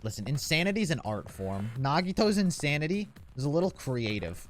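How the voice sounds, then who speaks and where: A man's voice: on the high side, a little fast, faint music behind. A man doing let's play commentary, reading game text aloud with put-on voices between casual remarks. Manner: animated, reads game lines with put-on voices. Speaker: gaming YouTuber.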